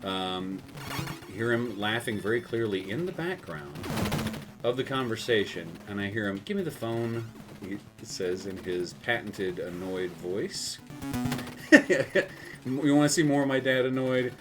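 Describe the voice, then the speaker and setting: A man's voice: on the low side, expressive, unhurried, music in the background. A man from South Texas telling a rambling, self-mocking story while he plays a game, laughing often. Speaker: gaming video host. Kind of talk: storytelling over gameplay.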